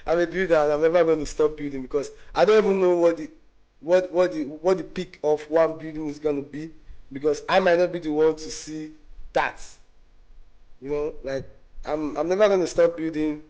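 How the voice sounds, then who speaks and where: Relaxed man, slightly high voice. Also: moderate pace, lo-fi sound. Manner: relaxed, repeats and restarts words, laughs easily. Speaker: brand owner and interview guest. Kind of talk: casual interview answers.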